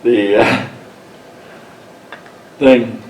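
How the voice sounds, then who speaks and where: An older man in his seventies recalls his service in an unhurried, deliberate way, blunt and salty in his wording. His voice sits back from the mic in a reverberant room, with faint ambient noise underneath. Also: medium pitch, fairly even intonation, a little mellow. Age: 70s. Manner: blunt and profane, retells scenes by quoting himself. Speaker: veteran interviewee. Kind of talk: oral history storytelling. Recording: roomy sound, mic set at a distance, faint background ambience.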